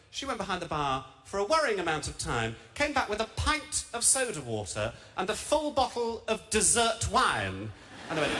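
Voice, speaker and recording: Man, young, Birmingham accent, stand-up comic, camp, self-mocking, lively voice, noisy live mic. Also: sits high, normal speed. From England. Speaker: stand-up comedian. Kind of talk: stand-up routine. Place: large theatre stage. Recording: live stage mic with heavy noise.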